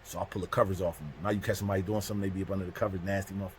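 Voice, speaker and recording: A man's voice: low-pitched, little pitch movement, rapid-fire, a little hiss or hum. A man casually telling a story from prison, acting out the other people in it. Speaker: storyteller host.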